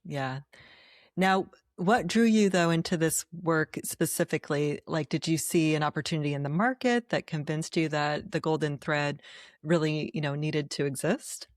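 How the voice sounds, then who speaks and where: A woman's voice: low voice, normal speed, no room sound. Affirming woman host, dry close sound. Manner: affirming, asks long framed questions. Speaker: podcast host. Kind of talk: interview questions.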